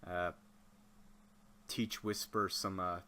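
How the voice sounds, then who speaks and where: A man's voice: low-pitched, flat delivery, slow pace, sharp tone. A man playing a tabletop game, joking and teasing the others, sometimes trailing off into mutters. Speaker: player. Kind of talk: casual tabletop game chat.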